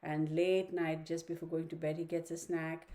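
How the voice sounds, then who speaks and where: A woman's voice: deep voice, little pitch movement, moderate pace, dark tone. Chatty woman reading tarot at home. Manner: chatty, opinionated, talks to viewers and her dog. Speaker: tarot reader. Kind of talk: casual online tarot reading. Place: home study room.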